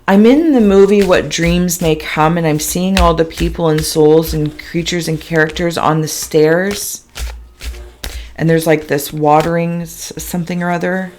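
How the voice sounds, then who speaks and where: A woman giving a slow, halting spiritual reading, describing visions in a soft, emotional, dreamy way. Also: sits low, steady tone, slight background noise. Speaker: intuitive reader.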